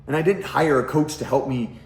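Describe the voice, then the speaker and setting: Talking casually straight to camera from his home near the kitchen, this middle-aged parenting coach is blunt, full of swearing and rhetorical questions. His medium-pitched voice is brisk and a bit mellow, heard in a reverberant space with slight background noise.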